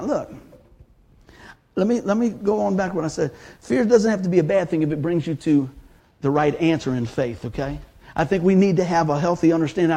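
A man's voice: high-pitched, breathy edge. A man in his fifties preaching a sermon, telling stories with laughs and acting out the voices he quotes. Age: 50s. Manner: animated, laughing storyteller who acts out quotes.

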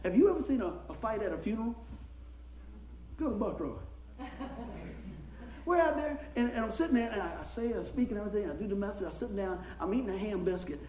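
A man, a pastor telling folksy, animated stories in a sermon and acting out the people in them. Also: sits high, quick pace, long pauses, a little hiss or hum. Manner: folksy, animated storytelling with acted-out quotes and laughter. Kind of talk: storytelling sermon. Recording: echoey room.

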